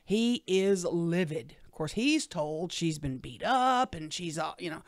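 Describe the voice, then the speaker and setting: A middle-aged woman, a radio show guest telling a personal story in an animated way. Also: fairly low pitch, a little slow, dry recording. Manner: animated storyteller, acts out what others said.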